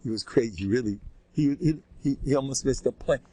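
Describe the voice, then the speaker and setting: An older man, a rabbi, giving an informal, animated Torah lecture with a conversational, joking delivery. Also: fairly quick, no room sound. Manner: animated and conversational, swinging pitch, jokes with listeners. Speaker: rabbi teaching a class.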